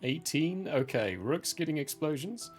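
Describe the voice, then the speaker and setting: A man running a tabletop horror game as game master, calmly narrating and explaining the rules. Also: fairly high pitch, measured pace, faint music behind. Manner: calm, matter-of-fact rulings and narration.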